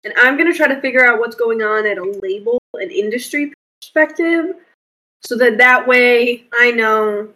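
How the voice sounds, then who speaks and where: A woman's voice: on the high side, pushed and bright, rough recording. A woman playing an awkward male security guard. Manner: awkward, halting, rambling.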